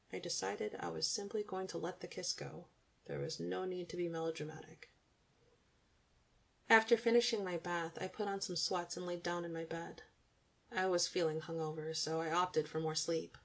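Young female audiobook narrator, gravelly and on the low side, intimate and even.

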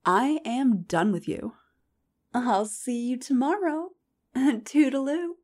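This whispered role-play features a flirtatious, teasing lecturer, played by a woman. Her voice sits a little high and comes out airy and breathy. She lingers over every word at a very slow, unhurried pace. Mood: teasing, playful. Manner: slow, breathy, sultry murmuring with soft sighs.

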